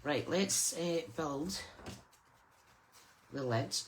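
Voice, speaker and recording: A woman's voice: low voice, extremely slow, slight background noise. A Scottish woman hosting a live crafting stream, chatting casually and greeting viewers by name as she works. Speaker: crafting channel host.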